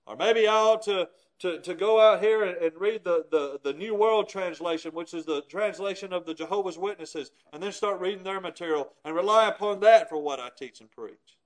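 A man preaching a sermon with a notably high voice. He speaks earnestly and with emphasis, pressing his listeners with rhetorical questions. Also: moderate pace, hardly any pauses, rough recording.

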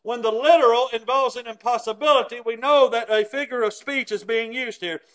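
A man's voice: very high voice, fairly quick, fairly bright tone. A man preaching a sermon, teaching scripture in an emphatic, explanatory way with everyday examples.

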